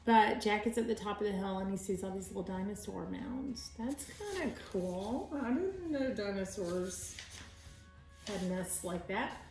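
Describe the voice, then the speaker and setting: A woman's voice: medium pitch, expressive, measured pace, a little mellow, roomy sound, soft background music, rough recording. A woman reading a children's book aloud as a teacher, with chatty asides to her young listeners. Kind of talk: read-aloud storytelling.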